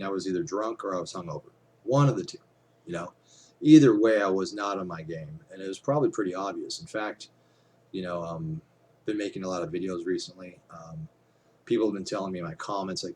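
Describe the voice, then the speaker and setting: A man's voice: lowish voice, darkish tone, slight background noise. A man talking casually to his camera, rambling with lots of fillers and casual swearing. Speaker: vlogger.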